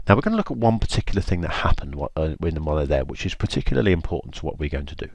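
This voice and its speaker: Teacher guy, deep low voice, chatty storytelling with lots of ums, dry close sound. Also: very fast, vocal fry, dry recording. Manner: animated, chatty, with frequent ums. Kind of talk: storytelling lesson on video.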